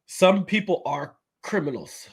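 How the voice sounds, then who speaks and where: A man's voice: sits high, expressive, gravelly, husky. A man co-hosting a casual discussion show, reasoning aloud and qualifying what he says. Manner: measured, reasoning aloud, qualifies his points. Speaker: podcast co-host. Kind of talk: casual chat.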